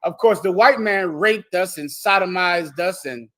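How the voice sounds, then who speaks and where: A man leading a congregation gives a bold, joking, street-style preaching lecture, teaching and answering questions from the floor. His voice sits high and sharp, at a measured pace.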